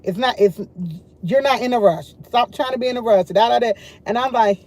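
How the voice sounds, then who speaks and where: A woman's voice: a little high, fairly quick, a little mellow. A woman hosting a casual morning livestream, chatting and rambling directly to her viewers. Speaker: livestream host.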